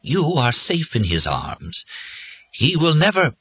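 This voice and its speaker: A man voicing an elderly male machine confessor that speaks slowly and intones its advice, in an audiobook reading. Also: low-pitched, wildly swooping pitch, slightly rough, heavily acted. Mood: gentle. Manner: slow, intoning, shifting from gentle to stern.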